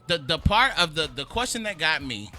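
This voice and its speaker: A man's voice: on the high side, very animated, moderate pace, pushed and bright, soft background music. A man hosting a talk show, ranting in a fired-up, repetitive way with an Atlanta accent. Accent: Southern US, Atlanta. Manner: fired-up, repeats phrases, drawls and curses when frustrated. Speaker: podcast host. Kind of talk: heated casual chat.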